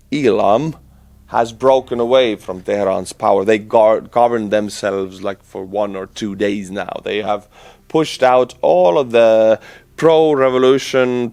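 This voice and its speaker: A man with an Estonian accent giving casual, animated news commentary to his channel audience, talking conversationally with frequent fillers and restarts. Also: fairly low pitch, creaky.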